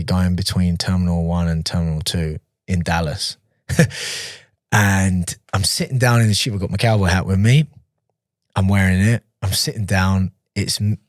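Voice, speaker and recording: Podcast guest, a man with a lower voice, relaxed and chatty, often restarting sentences, recorded dry and close. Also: no echo. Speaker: podcast guest, professional fighter. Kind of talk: casual storytelling in an interview.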